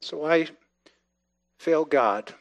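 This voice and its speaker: A man preaching a sermon with emphatic repetition, dropping quiet and then rising loud. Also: on the high side, very slow, highs cut off. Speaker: pastor.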